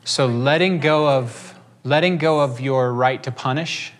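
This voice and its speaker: A man's voice: mid-range voice, a little slow. A man leading a church class, teaching and telling stories informally, rambling with restarts and acting out quotes.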